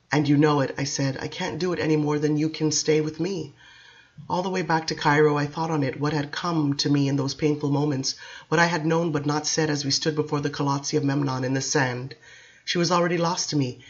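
Brief: woman narrating a novel, measured, expressive delivery, slightly muffled recording. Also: low-pitched. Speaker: audiobook reader. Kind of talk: audiobook narration.

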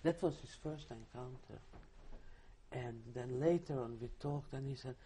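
An older woman recalling her past in an oral history interview, telling it vividly with halting restarts. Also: extremely low pitch, mellow, slight background noise. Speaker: Holocaust survivor giving testimony.

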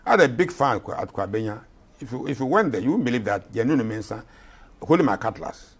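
An elderly man in his eighties, from Ghana, speaks in an impassioned, emphatic way, often repeating his points. His voice is husky and slightly rough. His pitch swings widely between high and low as he argues. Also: sing-song, fast talker. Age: 80s. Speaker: retired general, guest. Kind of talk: interview.

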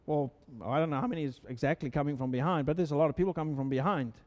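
A man preaching a sermon in a conversational style, full of repeated words and rhetorical questions, sometimes dropping to a soft, hushed voice. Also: fairly high pitch, very fast, big-room sound. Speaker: pastor. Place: church sanctuary.

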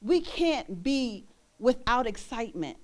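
A young woman minister preaches in a church with bright, high pitch and lively energy. She laughs often and slips into bits of song as she goes. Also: takes it slowly. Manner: animated, laughing, breaks into singing. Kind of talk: sermon.

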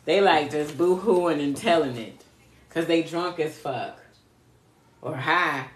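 A spiritual card reader does a casual live reading in a deep, slow voice, with reverb and a little hiss or hum on the recording. She's blunt and swears, laughs often, and chats with her viewers.

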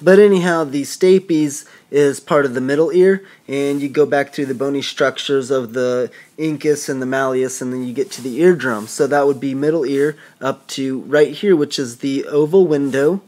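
A man's voice: medium pitch, moderate pace, hardly any pauses, darkish tone. A man teaching anatomy in a casual lecture, talking informally, often restarting and correcting himself as he thinks aloud. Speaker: instructor. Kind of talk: casual drawing-board lecture.

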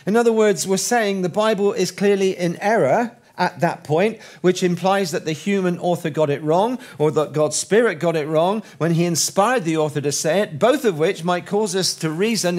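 A man preaches a sermon, his voice sitting a touch high for a man. He talks in a lively, conversational way and leans on rhetorical questions. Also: normal speed, few pauses.

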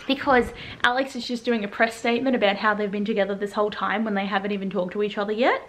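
A young woman chatting in a casual reaction vlog at home, full of "like" fillers and excited asides. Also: medium pitch, fast, slight background noise. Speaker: book vlogger. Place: at home in pajamas.

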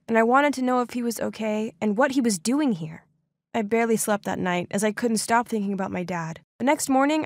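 A woman's voice: on the high side, no echo, clean studio sound. A young adult woman narrating a first-person story in a scripted, emotive, dramatic way.

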